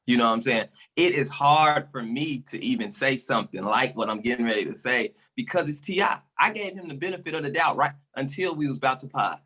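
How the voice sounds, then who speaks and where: Worked-up man on a podcast, bright husky voice, kinda out of breath, keeps repeating himself. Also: mid-range voice, lively intonation, brisk, few pauses. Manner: passionate, repetitive, emphatic. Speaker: resident comic on podcast. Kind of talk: casual podcast chat.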